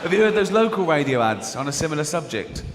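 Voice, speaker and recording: A man on stage doing stand-up, his fairly high voice sardonic and mock-indignant as he acts out the people in his stories. He speaks into a stage mic in a large hall that gives a long reverb, with clear audience noise in the background. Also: very animated, fast talker. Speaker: stand-up comedian. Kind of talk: stand-up comedy routine.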